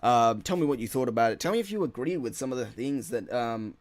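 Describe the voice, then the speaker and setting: A man's voice: medium pitch, animated, quick pace, no room sound. A man hosting his own gaming channel, ranting in a casual solo podcast with many filler words and frequent swearing. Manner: rambling, frustrated, heavy swearing and filler words.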